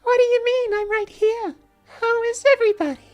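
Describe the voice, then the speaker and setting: A man putting on a squeaky, cutesy, chipmunk-like falsetto voice. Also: brisk, muffled recording, soft background music. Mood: chirpy.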